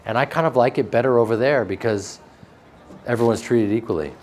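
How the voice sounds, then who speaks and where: A man with a flat Midwestern American accent, a guest actor telling joking stories in a casual interview. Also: mid-range voice, fairly quick, slight background noise. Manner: joking, animated storytelling with laughs.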